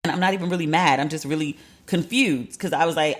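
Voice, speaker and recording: A woman podcast host telling a story in a candid, casual way, swearing freely and acting out what people said with sharp jumps in pitch. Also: quick pace. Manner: candid and profane, acts out quotes with lively jumps in pitch.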